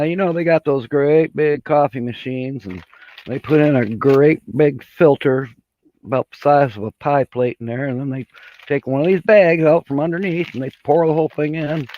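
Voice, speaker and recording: A man's voice: mid-range voice, muffled recording. A man hosting a casual livestream chat, rambling in a folksy way and laughing at his own jokes. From Michigan. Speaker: livestream host.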